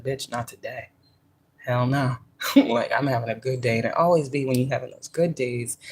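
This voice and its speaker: A woman's voice: a bass voice, darkish tone, slightly rough. A woman giving a casual spiritual pep talk, cursing freely and talking with emphasis. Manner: profane and emphatic, acting out quoted voices. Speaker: spiritual teacher; workplace manager.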